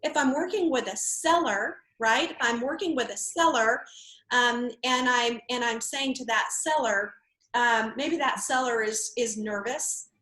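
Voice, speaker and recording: A woman's voice: a little high, a little slow, bright, forceful tone. A woman real estate trainer teaching an online workshop in a conversational, laid-back way. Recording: echoey room.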